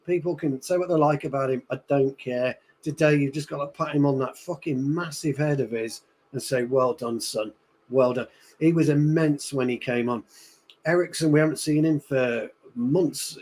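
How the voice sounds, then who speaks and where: A man on a football podcast panel, talking bluntly and excitedly, swearing casually. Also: fairly high pitch, moderate pace. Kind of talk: casual match-reaction chat.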